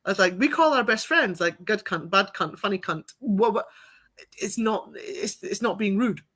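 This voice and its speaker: A middle-aged woman with a Scottish accent talks like a guest on a casual chat show. Her voice is bright and ringing. She tells stories freely, swears, and breaks into laughter often. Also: mid-range voice, animated, normal speed, husky. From Scotland. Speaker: podcast guest.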